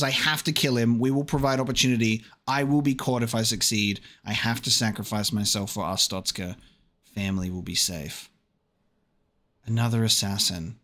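A man's voice: mid-range voice, fairly even intonation, normal speed, long pauses, a bit bright. A young man giving casual let's-play commentary, muttering to himself as he checks details and swearing now and then. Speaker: gaming video creator.

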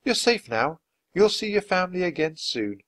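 A man's voice: high voice, big pitch swings, moderate pace, a bit bright, dry recording, pitched above the performer's own voice. A man voicing a caring, cheerful young girl in a storybook reading, speaking in an earnest, pleading way. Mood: soothing.

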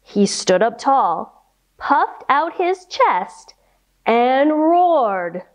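A woman's voice: high-pitched, lo-fi sound. A young adult woman leading a children's yoga storytime, reading aloud and giving playful movement cues with animal sounds. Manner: animated, slow, playful sound effects for kids.

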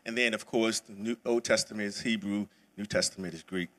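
A man's voice: on the low side, steady tone, fairly quick, a bit bright. A man teaching a church Bible study lesson in a casual, conversational way, with many fillers and restarts. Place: church sanctuary.

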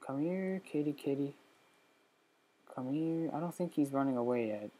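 A man runs a let's play from his computer, keeping a moderate pace as he chatters excitedly and casually about the gameplay. Now and then he lets out a sudden high squeal.

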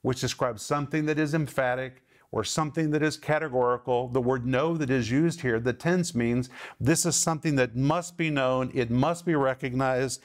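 A man's voice: medium pitch, normal speed. A middle-aged man hosting a televised Bible teaching program, speaking in an earnest, emphatic way and stressing each word of a list.

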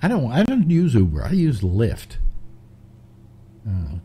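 A man's voice: medium pitch, wildly swooping pitch, takes it slowly, warm tone, breathy edge. An older man hosting a casual chat, rambling through stories with many restarts. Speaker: host.

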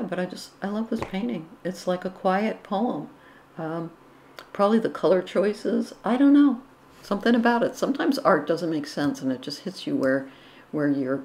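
A woman's voice: fairly low pitch, a little mellow. A middle-aged woman giving casual, enthusiastic commentary on paintings, with frequent restarts and gushing praise. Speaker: art commentary vlogger.

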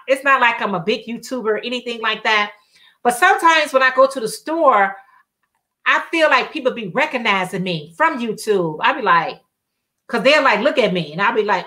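A woman's voice: on the high side, bright, forceful tone. A woman hosting a casual crafting livestream, telling chatty stories in colloquial speech and reading viewer comments aloud.

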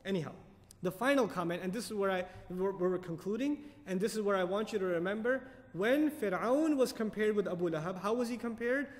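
A man lecturing on Quran commentary, animated, asking the audience questions and reciting Arabic verses quickly. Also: high-pitched, long reverb tail. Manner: animated, asks the audience questions and answers them. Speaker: Quran teacher.

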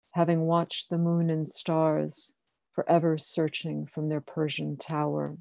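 A woman poet giving a slow, deliberate poetry reading on a livestream. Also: sits low, gravelly, dark tone, no echo. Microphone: livestream home mic.

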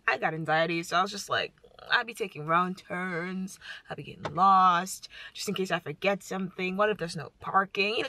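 A woman's voice: mid-range voice, sharp tone. A woman in her twenties talking casually to her vlog camera, chatty and upbeat with a nervous edge. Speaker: vlogger.

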